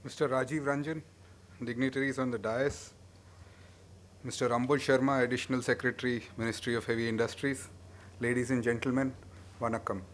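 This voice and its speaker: A man delivering a formal, prepared speech at a conference, measured with emphatic openings. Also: medium pitch, flat delivery, a little hiss or hum. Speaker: conference speaker.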